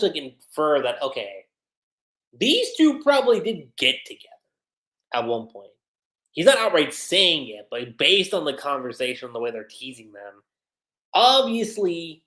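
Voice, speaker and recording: A man's voice: medium pitch, fairly bright tone. A man hosting a livestream and casually recapping an anime episode in a chatty way, using lots of fillers. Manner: chatty, many fillers, quotes characters. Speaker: anime reviewer, livestream host. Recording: roomy echoey room.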